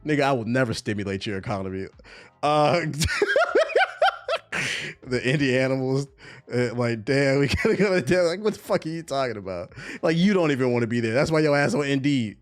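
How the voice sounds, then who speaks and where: A man's voice: mid-range voice, animated, fast talker. A man hosting a livestream, ranting bluntly and profanely in casual chat to his viewers, often breaking into laughter. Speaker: livestream host.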